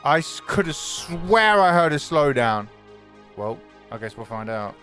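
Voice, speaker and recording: A man's voice: fairly high pitch, a little slow, faint music behind. Swearing man streaming a game. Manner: animated, swearing, greets chat by name. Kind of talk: live gaming stream commentary.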